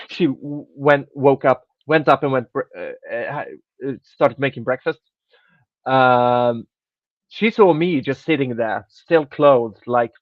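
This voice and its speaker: A man's voice: medium pitch, no room sound. A man telling a rambling story in casual podcast chat as host, restarting sentences and swearing offhandedly. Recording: dry, dull lo-fi sound.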